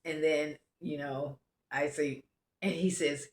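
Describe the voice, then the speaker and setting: In a roomy, echoing space, a travel vlogger from the United States speaks slowly in a deep, steady voice. Her travel story is casual and rambling, full of self-interruptions and restarted sentences.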